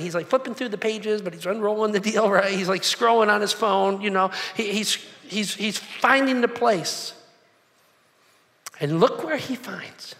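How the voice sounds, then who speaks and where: A man preaching a sermon, animated and acting out the voices of the crowd. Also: high voice. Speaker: pastor. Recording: long hall reverb.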